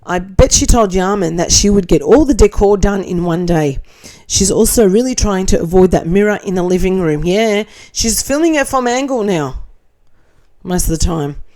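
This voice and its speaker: Australian woman host, middle-aged, mellow and warm, blunt sarcastic comment-reader, casual chat. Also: medium pitch, animated, normal speed. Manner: reads comments aloud with laughing asides, blunt and sarcastic. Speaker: commentary channel host reading viewer comments.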